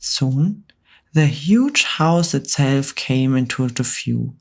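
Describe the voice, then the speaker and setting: A woman reading a storybook aloud in a calm, soft-spoken ASMR whispered role-play. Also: extremely low pitch, takes it slowly, gravelly, husky.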